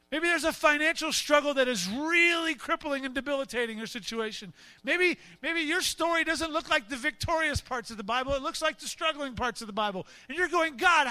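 A male pastor preaching a sermon in an animated way, often acting out quotes in different voices. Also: very high voice, no echo.

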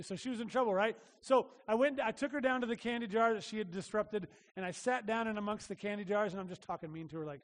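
A male pastor giving a conversational sermon, animated, acting out little voices and asking the room questions. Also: high voice, fast, few pauses, big-room sound.

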